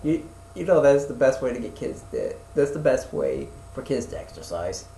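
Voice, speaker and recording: A man's voice: medium pitch, big pitch swings, moderate pace, creaky, warm tone, echoey room, slight background noise, rough recording. A young man chatting casually as a podcast co-host, rambling with lots of fillers, restarts and swearing. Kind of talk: casual chat.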